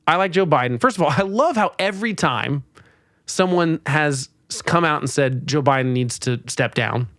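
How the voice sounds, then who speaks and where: A man hosting a podcast, giving exasperated, animated political commentary with sarcastic mock quotes. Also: fairly high pitch, moderate pace, dry recording. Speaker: podcast host.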